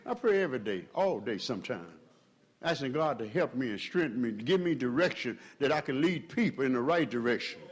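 A man preaching a sermon as pastor, swelling in pitch and volume and calling out to his congregation. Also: animated, a little fast, husky.

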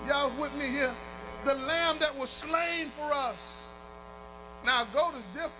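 A man preaching a fervent sermon, chanting and shouting to his congregation and calling for amens. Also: very high voice, unhurried, noisy background. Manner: calls out to the congregation.

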